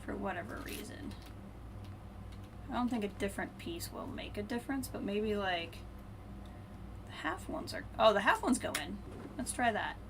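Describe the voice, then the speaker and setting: A woman streaming a video game, thinking aloud and muttering to herself, then brightly greeting her viewers. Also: mid-range voice, animated, moderate pace, gravelly, long pauses, background noise. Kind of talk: casual live-stream chat while playing.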